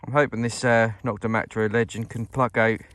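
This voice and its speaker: A man's voice: mid-range voice, flat delivery, brisk, a bit bright, no echo. Chatty British man detecting outdoors. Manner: chatty, upbeat, addresses viewers as ladies and gents. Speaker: metal detecting vlogger. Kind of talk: casual outdoor walk-and-talk vlog. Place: outdoors in a farm field.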